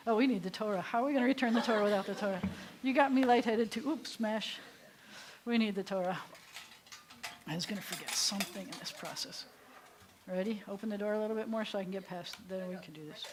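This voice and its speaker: A woman rabbi leading a synagogue service, giving friendly instructions and joking quietly with the congregation. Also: medium pitch, fast, noisy background. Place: synagogue sanctuary.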